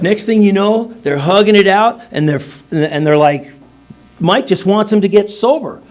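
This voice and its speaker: A middle-aged man shares his recovery story at a meeting. His voice sits a little high for a man, and he rambles through it in a loose, joking way full of casual slang. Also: lively intonation, normal speed. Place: meeting room.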